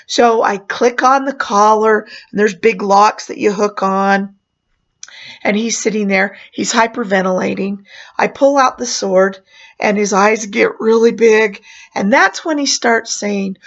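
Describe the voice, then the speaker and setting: A woman's voice: mid-range voice, unhurried. A woman who performed as a clown, chatting through a personal story with fillers and small laughs. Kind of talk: casual spoken memoir. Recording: muffled lo-fi recording.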